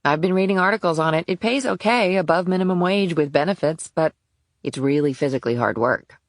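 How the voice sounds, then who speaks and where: A man voicing a calm, sensible woman agent, in a whispered role-play audiobook reading, matter-of-fact. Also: a little high, a little fast, dry recording, clean studio sound, voice pushed up, close to an everyday voice. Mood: steady.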